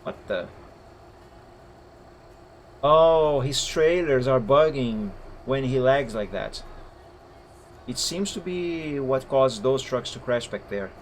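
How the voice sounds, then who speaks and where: A man's voice: mid-range voice, lively intonation, takes it slowly, long pauses, slight background noise. Man explaining gameplay footage step by step. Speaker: streamer and game server moderator. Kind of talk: live-stream commentary reviewing gameplay footage. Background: faint background music.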